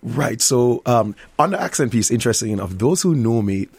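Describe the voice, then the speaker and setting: A man's voice: medium pitch, lively intonation, moderate pace, darkish tone, husky, dry recording. A middle-aged Jamaican man, a restaurant owner, talking in an upbeat interview and laughing often. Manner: upbeat, laughs often, acts out customers' voices. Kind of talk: interview conversation.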